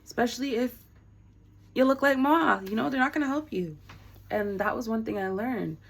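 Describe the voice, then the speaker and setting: A young woman vlogger telling a workplace story in a casual, animated, slangy way with a lot of laughing. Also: fairly high pitch, normal speed, creaky, poor audio.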